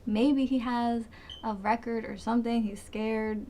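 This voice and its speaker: A woman in her twenties rambles through a story in a casual vlog, swearing freely and playing it up. Her voice sits fairly high. A faint hum of the room runs behind her. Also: fairly even intonation, measured pace, dark tone. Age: 20s. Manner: profane, rambling, dramatic storytelling. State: sweating, hot. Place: hot room.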